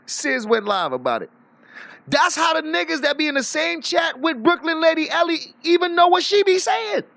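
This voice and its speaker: A man's voice: extremely high pitch, sing-song, normal speed, creaky, bright, forceful tone, dry recording. A man ranting boastfully on a live stream, swearing freely and laughing often. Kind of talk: casual livestream rant.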